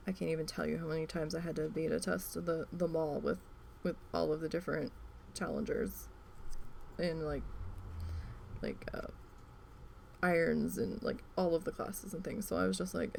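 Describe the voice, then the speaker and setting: A woman chatting casually as a crafting vlogger, rambling with lots of fillers and some swearing, getting animated as she tells a story. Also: fairly low pitch, measured pace, creaky, pauses often, slight background noise. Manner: rambling, profane, many "um" and "like" fillers; animated when retelling a story.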